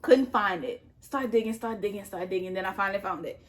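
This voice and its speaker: A young adult woman vlogger telling a story in casual chat, animated, repeating herself and swearing as she goes. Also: medium pitch, a little fast. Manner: animated, repetitive retelling with swearing. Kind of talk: casual storytime while eating.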